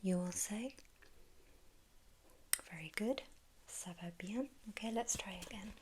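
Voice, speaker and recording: A woman with an English accent, teaching in a whispered role-play as a gentle language tutor who prompts the listener to repeat. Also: mid-range voice, measured pace, background noise.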